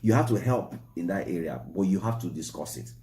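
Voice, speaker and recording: A man co-hosting a marriage Q&A show, explaining in a relaxed, repetitive way that stresses key points. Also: low voice, brisk, reverberant. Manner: repetitive, emphatic, explaining step by step. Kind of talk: relaxed advice talk.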